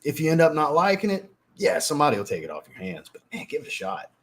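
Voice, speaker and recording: Animated, profane male livestream host. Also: on the high side, fast. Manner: animated, profane storytelling, reads chat aloud. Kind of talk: casual livestream chat.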